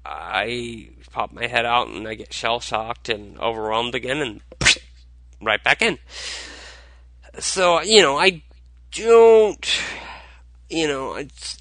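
A tired man hosting a casual solo podcast, talking in a halting way with many fillers and restarts. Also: medium pitch, bright, forceful tone, dry recording, poor audio. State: tired, low on energy. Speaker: podcast host.

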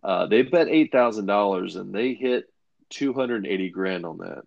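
A low-pitched man hosts a casual sports-betting podcast, talking loosely and swearing freely with lots of "uh"s. The recording is dry and a bit dull, like a lo-fi home setup. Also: animated, normal speed, gravelly, darkish tone, dry recording. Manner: loose, profane, filler-heavy. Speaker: podcast host.

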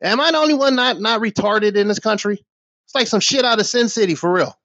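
A man's voice: high-pitched, fairly quick, fairly bright tone, no room sound. A middle-aged man ranting on his small commentary channel, heated, scornful and full of swearing. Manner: heated, profane, scornful rant. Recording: dull, dry lo-fi recording.

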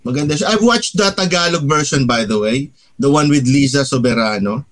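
A man with a Filipino accent co-hosting a casual podcast chat, relaxed and mixing English with Tagalog. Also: medium pitch, brisk. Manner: relaxed, switching between English and Tagalog, with frequent laughs. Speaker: podcast co-host.

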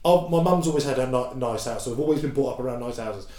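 A man in his thirties, a podcast guest telling a personal story openly, going quiet when moved and lively when joking. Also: medium pitch, quick pace. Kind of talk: candid storytelling chat. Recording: echoey room.

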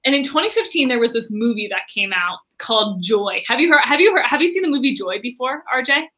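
A woman entrepreneur telling a story animatedly in an interview, chatty and expressive, saying "like" often. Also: fairly high pitch, fast talker. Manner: chatty, frequent filler "like", expressive. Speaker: entrepreneur and podcast guest.

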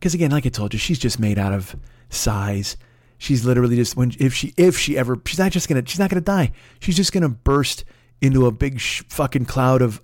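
A man's voice: medium pitch, darkish tone. A man hosting a comedy podcast, ranting profanely and sarcastically. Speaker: podcast host.

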